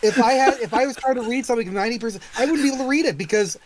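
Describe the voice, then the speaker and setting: A man's voice: very high voice, rapid-fire, over a noisy crowd. A man playing a tabletop game, swearing and stammering in disbelief at a failed roll. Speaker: player. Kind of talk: casual tabletop play.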